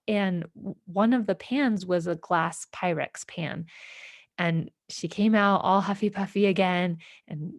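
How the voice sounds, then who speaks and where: A woman hosting a podcast, telling a personal story in a reflective, halting way with many fillers and restarts. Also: fairly low pitch, no echo, clean studio sound. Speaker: podcast host.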